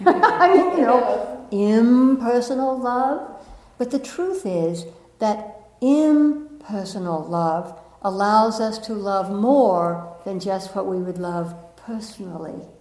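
A woman giving a spiritual talk to a live audience, gentle and reflective, often laughing at herself and asking the room questions. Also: medium pitch, animated, takes it slowly, reverberant, poor audio. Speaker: spiritual teacher.

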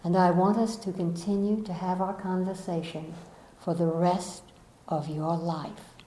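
A woman voicing a gentle being of light, a soul, speaking softly and tenderly in an echoey room. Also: lowish voice, steady tone, unhurried, close to an everyday voice.

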